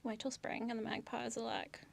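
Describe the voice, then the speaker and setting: A woman's voice: fairly high pitch, little pitch movement, brisk, vocal fry. A young Australian woman, laid-back, co-hosting a casual chat and laughing often. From Cairns, Australia. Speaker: co-host.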